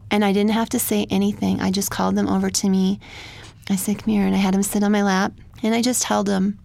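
A woman telling a personal story of loss as a radio guest, soft-spoken and halting, sometimes dropping to a whisper. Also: mid-range voice, level tone, vocal fry. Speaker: guest, military widow.

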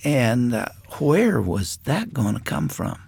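Older guy telling a story on a talk show, slow earnest way, a bit gravelly. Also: medium pitch, big pitch swings, a little mellow, dry recording. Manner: earnest, unhurried anecdote with frequent pauses. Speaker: guest. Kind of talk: personal storytelling in a faith interview.

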